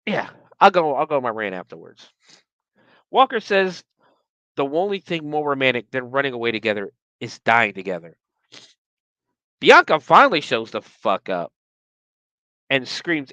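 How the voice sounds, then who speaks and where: A podcast host whose casual recap swings widely up and down in pitch and keeps slipping into profane rants. The tone is bright and forceful, and the recording is close and dry with no room sound. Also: moderate pace, no echo. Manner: animated, profane, ranting.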